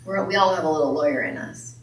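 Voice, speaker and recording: This woman minister has a low voice and talks fast. She preaches playfully in a church hall, joking and frequently questioning the congregation, and the recording captures the echoey hall from a distance.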